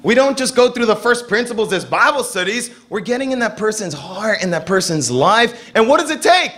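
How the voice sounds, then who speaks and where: A young man preaching a sermon as pastor, telling stories and acting out the people he quotes with lively energy. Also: sits high, brisk. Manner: animated storytelling, acting out quoted voices.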